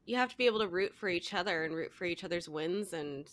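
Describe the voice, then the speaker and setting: Bright, supportive woman host. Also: lowish voice, no room sound. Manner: supportive, quick reactions and affirmations. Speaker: interview host. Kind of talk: casual interview chat.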